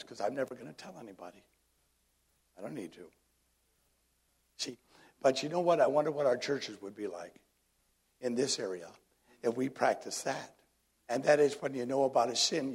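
A middle-aged male pastor preaching a sermon, swinging between loud emphatic lines and hushed ones. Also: mid-range voice, slightly rough.

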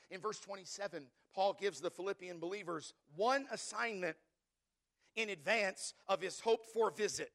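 A man's voice: high voice, moderate pace, a bit bright. A male pastor preaching a sermon, emphatic and repeating key words for stress, calling on the congregation to answer back.

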